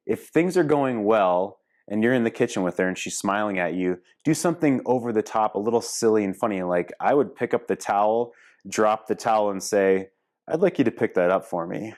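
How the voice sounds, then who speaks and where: A man's voice: on the low side, darkish tone. A middle-aged man, a relationship coach, talking casually and candidly to viewers, swearing freely and laughing now and then. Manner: candid and profane, laughs easily. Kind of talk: casual talk to camera.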